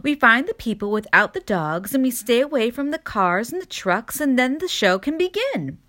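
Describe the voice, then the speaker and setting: Woman voicing a young possum, squealing, eager, high and loud, storybook. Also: very animated, moderate pace. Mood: excited. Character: excitable young female possum. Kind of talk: storybook reading.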